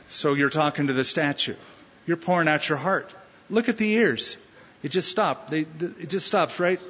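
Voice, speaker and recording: A man preaching a sermon as a pastor, animated, with mocking asides and acted quotes. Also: a little high, normal speed, slightly rough. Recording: long-reverb hall, dull lo-fi sound.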